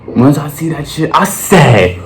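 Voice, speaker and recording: A young man tells a story to camera in an animated, profane way, full of slang. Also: fairly high pitch, unhurried. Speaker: vlogger. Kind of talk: storytime monologue. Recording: roomy with faint noise.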